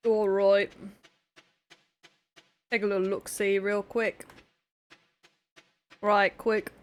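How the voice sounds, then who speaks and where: A woman's voice: medium pitch, little pitch movement, very slow, clean tone. A woman live streaming a video game, chatting casually with her viewers in a playful, teasing way. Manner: playful and teasing, talking to chat. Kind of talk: casual gaming stream chat.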